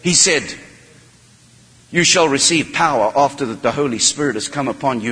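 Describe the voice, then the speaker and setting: A man preaching a sermon, impassioned, swinging from quiet, low passages to loud, high shouting. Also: normal speed. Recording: long hall reverb.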